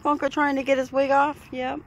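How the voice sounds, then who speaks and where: A woman films her pets at home on a handheld phone, using baby-talk on her dogs and a small child in a cooing, sing-song, coaxing voice. Her voice sits high with a level tone and a slightly fast pace.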